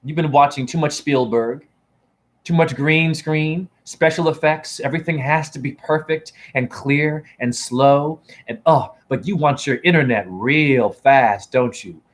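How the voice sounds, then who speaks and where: A man's voice: fairly high pitch, unhurried. A man lectures his live-stream chat from his phone, speaking in a slightly raised register. He preaches and taunts and keeps pressing the viewers with rhetorical questions. He sounds sure he has already won the argument. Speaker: self-styled spiritual teacher streaming to a chat. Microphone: phone camera.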